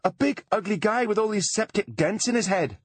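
A man voicing a spirited young woman wrestler in a storybook reading, with a lifted, quick voice. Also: medium pitch, big pitch swings, slightly rough, no room sound, voice pushed up. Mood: mock hysterical.

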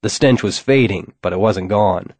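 A man reading a first-person audiobook in a measured, wry, descriptive manner. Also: on the low side, darkish tone, husky, no room sound. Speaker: audiobook narrator.

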